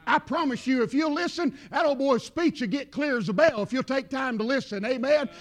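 A man's voice: extremely high pitch, brisk, faint music behind. A man with a Southern accent preaching a sermon as pastor, emphatic, repeating words and calling out amens.

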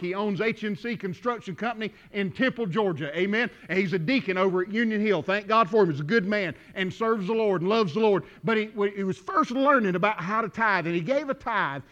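A man preaching a sermon, telling folksy stories that build to shouting. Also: high-pitched, highs cut off. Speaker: pastor.

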